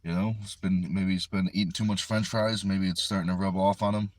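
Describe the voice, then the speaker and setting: This livestream host has a low, darkish voice and a flat, brisk delivery. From inside a car, he talks into a phone propped on the steering wheel, reading viewer comments aloud in a chatty, easygoing manner, with no room sound.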